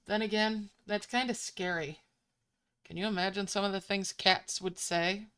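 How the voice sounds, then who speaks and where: A woman's voice: medium pitch, steady tone, moderate pace, a bit bright, clear, resonant tone. A woman giving casual, chatty commentary while playing a mobile game, musing aloud between moves on a desk microphone.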